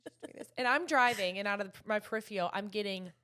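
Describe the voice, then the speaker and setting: A young woman, chatting as a podcast co-host. She tells her story with lots of energy and slips into the voices of the people in it. Her pitch sits in the middle range. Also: fast talker, clear, resonant tone. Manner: animated storytelling with quoted dialogue. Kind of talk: casual chat.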